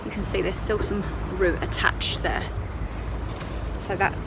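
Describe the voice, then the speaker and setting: Woman vlogger, mid-pitched, casual diary chat outdoors, noisy camera audio. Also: unhurried, gravelly. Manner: chatty, talking to the camera while gardening. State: out of breath while gardening. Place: outdoors in a garden.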